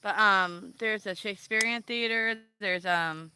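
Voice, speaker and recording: A woman chatting casually on a vlog, meandering and pausing often with ums and trailing sentences. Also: medium pitch, sharp tone. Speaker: vlogger. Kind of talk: rambling casual chat.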